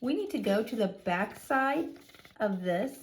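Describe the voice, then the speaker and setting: A woman teacher reading a lesson aloud to young children, with an expressive, sing-song delivery and exaggerated emphasis. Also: a little high, unhurried, slight background noise.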